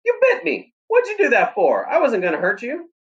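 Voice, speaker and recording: A man doing a shouting, excitable farm boy. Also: moderate pace, muffled recording. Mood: indignant. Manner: shouting, high-pitched bursts. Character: excitable young farm boy, eager and jumpy.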